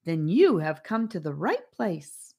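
A woman's voice: on the low side, big pitch swings, measured pace, vocal fry, a little mellow, slightly rough, exaggerated voice. A woman voicing a dramatic, theatrical little girl who speaks in a sing-song way.

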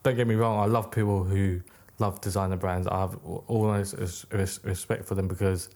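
A man's voice: low voice, little pitch movement, moderate pace, darkish tone. A young man, a podcast guest chatting casually, rambling with lots of "like" and restarts. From United Kingdom. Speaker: podcast guest, clothing brand maker. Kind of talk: casual interview chat.

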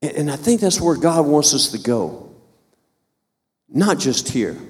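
Fervent high-voiced preacher in his fifties. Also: big pitch swings, measured pace, big-room sound. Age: 50s. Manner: fervent, repetitive preaching with stammered restarts. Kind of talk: sermon.

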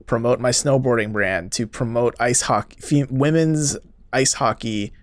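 A man's voice: medium pitch, unhurried, no echo. A man in casual podcast chat, talking bluntly and swearing offhandedly.

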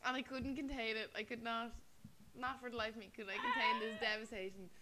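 A young Irish woman co-hosting a podcast, telling a story in an animated, sweary way. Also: a little high, a little fast, very noisy. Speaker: podcast co-host. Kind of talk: casual chat, storytelling.

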